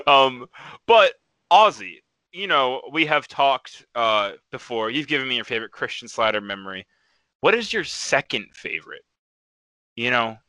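A young man with an extremely bright, forward tone hosts a casual livestream chat. He tells stories animatedly, acting out other people's lines and laughing along as he goes. The sound is very dry and close, with no room around him. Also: medium pitch, unhurried, no echo. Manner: animated storyteller, laughs often. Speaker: podcast host.

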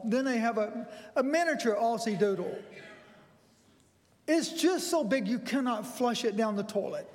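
An older man preaching a sermon, telling a folksy personal story that builds to excited bursts. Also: high-pitched. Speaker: pastor. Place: church sanctuary. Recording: long reverb in a large hall.

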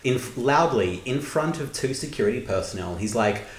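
A man's voice: medium pitch, animated, normal speed. Laid-back man with dry quips. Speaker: podcast co-host. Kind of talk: casual chat recapping an episode. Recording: echoey room with faint background noise.

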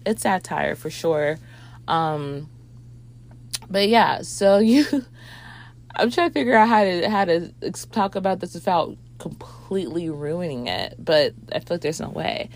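A woman reviewing a movie in a rambling casual chat, with lots of fillers and swearing. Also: fairly low pitch.

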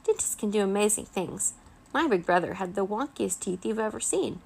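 A bubbly, talkative schoolgirl from a children's book, voiced by a woman reader. Her voice sits clearly higher than the narration, quick to wheedle and chatter, with a slight gravelly texture. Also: expressive, darkish tone. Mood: chatty. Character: chatty, curious schoolgirl, bossy and friendly.

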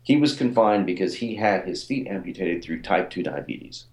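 A man's voice: sits low, lively intonation, moderate pace, a little mellow, roomy sound. A man in his forties, a fitness author and coach, telling stories in a casual interview with many fillers and repeated words. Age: 40s.

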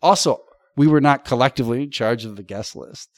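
A man's voice: mid-range voice, a little fast, dry recording. Profane, storytelling middle-aged man, dry sound. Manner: vivid, profane storytelling with colorful comparisons. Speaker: podcast guest. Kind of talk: casual chat.

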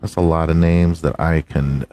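A man's voice: very deep voice, flat delivery, moderate pace, mellow. A man hosting a casual solo podcast who jokes and swears freely, slipping into a mock race-announcer voice. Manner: profane, joking, swings into a big announcer voice. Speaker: podcast host.

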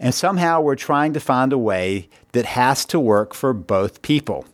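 A man hosts a podcast in a loose, conversational monologue, with a middle-pitched voice. His delivery is easygoing and anecdotal. The recording is dry and close, with no room sound. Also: lively intonation, normal speed, no echo. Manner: conversational storytelling with brief playful voices. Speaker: podcast host.

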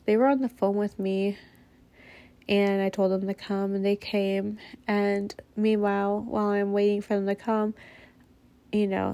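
Slow, gravelly-voiced woman telling a story. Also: mid-range voice, a little mellow, no echo. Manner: candid, blunt, swears freely. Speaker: mother telling a personal story. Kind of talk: casual spoken storytelling.

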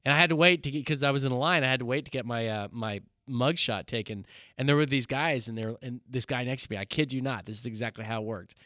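A man who was once a pastor, telling a story in a casual chat with an animated, self-mocking manner and frequent laughter. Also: medium pitch, quick pace, hardly any pauses, no echo, studio quality. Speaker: podcast co-host, former pastor.

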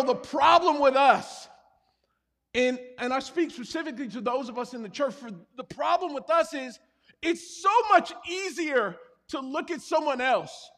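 A man's voice: extremely high pitch, a bit bright. A man preaching a sermon as pastor, in a conversational, confessional storytelling manner with self-deprecating humor. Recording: reverberant hall.

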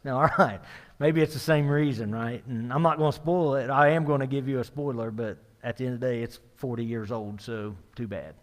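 A middle-aged pastor gives a sermon in a church sanctuary, speaking conversationally and checking in with the room through "right?", his voice building as he retells a story. He has a medium pitch and talks fairly quickly. The recording carries long hall reverb.

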